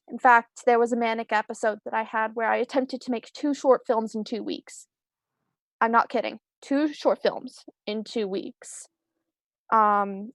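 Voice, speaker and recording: A young woman with a fairly high, gravelly voice chats casually on a video call as a screenwriter guest in a live-stream interview. She rambles self-deprecatingly with many ums and restarts, and the recording is dry with clean studio sound.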